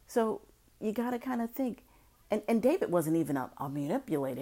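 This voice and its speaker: A woman with a low, gravelly voice hosts a casual podcast. She talks in a chatty, opinionated way and drops in playful little asides. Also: sing-song, normal speed, mellow. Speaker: podcast host.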